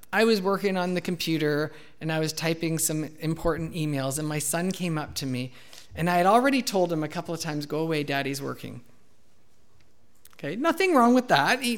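Man, pastor, sermon, candid storytelling, loud acted outbursts, fairly high voice. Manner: candid storytelling, acts out his own outbursts loudly.

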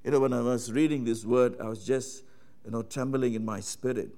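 A man preaching a sermon, emphatic and repetitive, rising to loud exclamations and dropping to hushed passages, calling his listeners friends. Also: mid-range voice, fairly even intonation, brisk. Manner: repeats phrases, addresses listeners as friends.

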